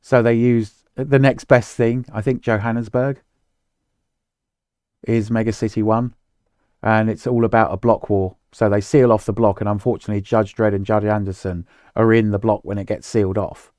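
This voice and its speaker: Man, low voice, rambling casual talk, swears, dry recording. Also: level tone, normal speed, a little mellow, no echo. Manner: rambling, swears casually, trails off mid-sentence. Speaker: podcast co-host. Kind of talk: casual chat.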